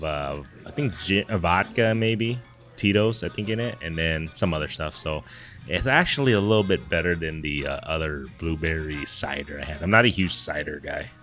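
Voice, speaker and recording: A man's voice: sits low, fairly bright tone. A man co-hosting a fishing podcast from a brewery, chatting casually with a rambling, laid-back manner. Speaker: podcast co-host. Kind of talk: casual chat. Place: brewery taproom.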